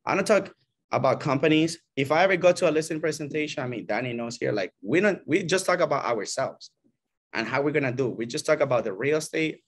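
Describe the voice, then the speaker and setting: A man, a working realtor, coaching other agents in a loose, chatty way, acting out what clients and agents say and often checking in with "right?" and "you know?". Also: mid-range voice. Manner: animated, acts out client and agent quotes. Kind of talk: casual coaching talk to a small group.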